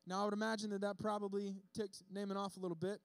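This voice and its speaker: A man delivers a sermon in a relaxed, conversational way, bouncing into acted-out voices for the people in the story. His voice sits high for a man, and the sound is dry and close with little room echo. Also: fast talker, smooth. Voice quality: bearded speaker. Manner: casual, animated storytelling with acted-out quotes. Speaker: preacher.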